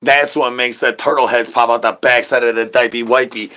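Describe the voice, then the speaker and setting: A man's voice: medium pitch, moderate pace, hardly any pauses, a bit bright. A man livestreaming, rambling nonsense to his chat in a sing-song patter, repeating rhyming filler syllables and catchphrases.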